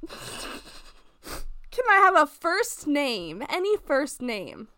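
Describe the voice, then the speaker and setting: A young woman co-hosts a podcast in casual chat, running a word game with giggles and teasing. Her voice sits high and sounds bright and crisp. The recording is dry and close. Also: big pitch swings, drawn-out words, dry recording. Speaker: podcast co-host.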